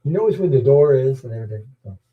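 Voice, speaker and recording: A man's voice: mid-range voice, animated, quick pace, phone-quality sound. A middle-aged man chatting casually as host of a live stream, rambling and chuckling, often repeating words. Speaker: tarot channel host. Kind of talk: casual chat.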